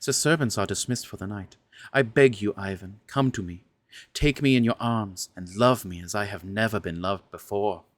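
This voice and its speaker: A man voicing a frank, seductive aristocratic woman, speaking in a husky, formal and measured way in a storybook reading. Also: fairly low pitch, no echo, lightly acted. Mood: intimate, pleading.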